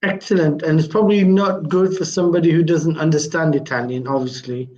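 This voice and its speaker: Guy hosting a live show, kinda high voice, lots of uhs, muffled lo-fi audio. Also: fairly even intonation, brisk, darkish tone. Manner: rambling, with many fillers. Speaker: host. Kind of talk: live stream chat. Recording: dull lo-fi live stream audio.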